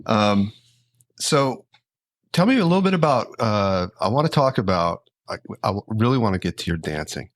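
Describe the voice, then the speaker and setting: A man's voice: fairly low pitch, sing-song, normal speed, no echo, clean studio sound. A man hosting a podcast interview, reacting with short interjections and follow-up questions. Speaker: podcast host. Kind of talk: casual interview.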